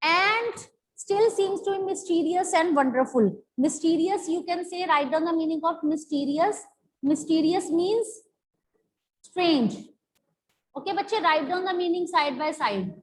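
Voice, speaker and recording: A female English teacher with a very high-pitched voice explains a story to her class in a rough recording with a little hiss or hum. She repeats herself, slowly going over the meanings of words again and again.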